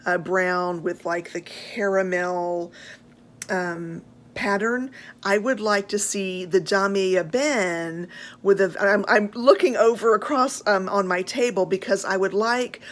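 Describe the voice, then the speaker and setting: A woman's voice: mid-range voice, slow. Chatty American woman gushing over handbags. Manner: chatty and gushing, with frequent fillers. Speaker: handbag vlogger. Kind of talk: casual show-and-tell chat.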